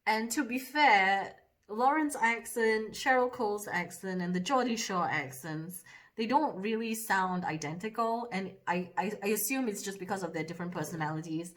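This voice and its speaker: A woman's voice: medium pitch, normal speed, fairly bright tone. Woman makeup vlogger, mid-range voice, chatty and self-deprecating, casual to camera. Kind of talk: casual vlog chat.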